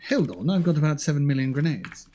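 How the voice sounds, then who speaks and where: Lively man streaming a shooter game. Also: on the high side, quick pace. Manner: animated, joking and swearing at opponents. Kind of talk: casual gaming livestream chat. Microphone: gaming headset.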